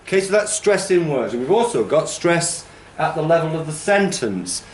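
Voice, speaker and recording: His pitch is fairly high with big swings, and he speaks at a moderate pace over slight background noise. The man is a TESOL course trainer lecturing a training class in an echoey room, patiently explaining and drawing out words to exaggerate their stress.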